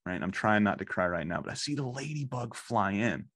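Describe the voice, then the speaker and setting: A man in his thirties, a guest gushing about a cartoon in casual chat, excitable and close to tears, swearing freely. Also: on the low side, fairly quick, husky, no echo. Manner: emotional, swearing, excitable storytelling. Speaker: guest, fan of the show.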